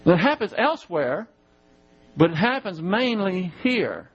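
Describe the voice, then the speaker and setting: A man preaching a sermon in a church, teaching Bible verses and slowly spelling out Greek words. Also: sits high, sing-song, breathy edge, dull audio. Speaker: pastor.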